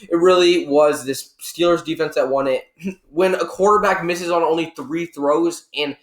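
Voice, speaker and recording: A man's voice: on the high side, moderate pace. A man co-hosting a sports podcast, giving a casual, rambling game recap and correcting himself as he goes. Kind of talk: casual sports analysis chat. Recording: echoey room.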